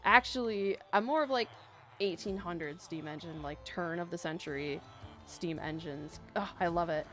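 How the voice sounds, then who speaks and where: A woman's voice: on the low side, moderate pace. Bubbly woman live-streamer over faint music. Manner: bubbly, laughs often, rambling. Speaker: live-stream gaming host. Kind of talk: casual live-stream chat, reading chat aloud. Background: faint background music.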